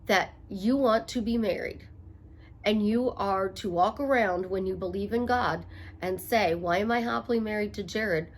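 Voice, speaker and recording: Emphatic motivational woman coach, slightly high. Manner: emphatic, repetitive, playful asides. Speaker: life coach. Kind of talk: motivational talk to camera.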